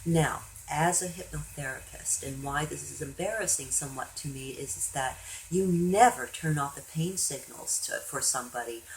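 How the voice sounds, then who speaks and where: A woman's voice: deep voice, moderate pace, a little hiss or hum, rough recording. A woman hypnotherapist telling a client story in a chatty way, acting out the people she quotes. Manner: chatty, animated when quoting others. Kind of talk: storytelling monologue.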